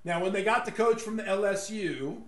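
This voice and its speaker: A West Texas man with a fairly high voice rambles through a casual, opinionated monologue at normal speed. He mocks his targets and chuckles at his own jokes, his voice ringing in an echoey room.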